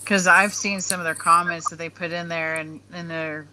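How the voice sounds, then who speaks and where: A woman on a casual online panel, agreeable and rambling as she thinks out loud. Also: on the low side, fairly even intonation, normal speed, rough recording.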